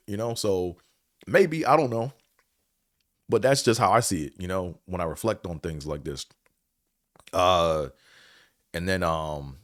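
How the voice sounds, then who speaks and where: A man's voice: on the low side, dry recording, studio quality. A man hosting a podcast, telling a story and reflecting in a rambling, casual way, with many fillers and casual swearing. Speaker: podcast host.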